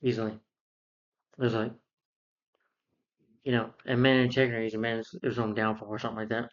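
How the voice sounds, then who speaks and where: A man's voice: medium pitch, level tone, fairly quick. Rambling man recapping a film. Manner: rambling, many fillers and self-corrections. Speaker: film reviewer. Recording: dull lo-fi sound.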